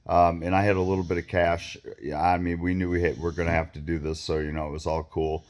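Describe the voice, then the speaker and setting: A man with a low voice tells a long, meandering story straight to camera. He swears freely and keeps stopping to restart sentences and throw in asides. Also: completely flat delivery, fast, a little mellow. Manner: rambling, profane, lots of fillers and restarts. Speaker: vlogger.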